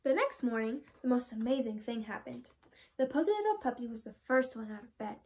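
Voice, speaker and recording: A teenage girl reading a children's picture book aloud in a clear, expressive way. Her voice sits fairly high, and she paces the story for young listeners. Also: brisk. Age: teens. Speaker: storybook reader.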